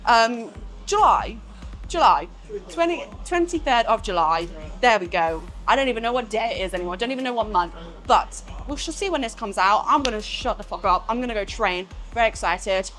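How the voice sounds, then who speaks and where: A woman's voice: a little high, lively intonation, fast, fairly bright tone, faint music behind. Chatty young English woman vlogging. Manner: chatty, swears casually, rambling asides. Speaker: fitness vlogger. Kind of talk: casual vlog chat to camera. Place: gym.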